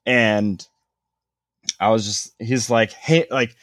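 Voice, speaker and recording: A man's voice: mid-range voice, lively intonation, fairly quick, no echo, clean studio sound. Rambling young guy telling a story. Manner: rambling, lots of "like", swears casually. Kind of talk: casual chat, storytelling.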